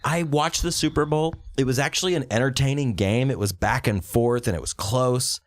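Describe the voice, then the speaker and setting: A man's voice: medium pitch, normal speed, no room sound. A man co-hosting a podcast in loose, swearing banter, with a dry, close sound. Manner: animated, swearing, breaks into exaggerated quoted voices. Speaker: podcast co-host.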